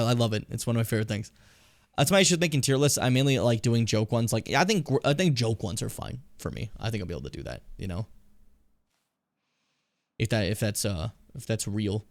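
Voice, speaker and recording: A man's voice: medium pitch, expressive, fairly quick. A man streaming a game, chatting in a loose, rambling, self-deprecating way and swearing freely. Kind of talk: casual live-stream commentary.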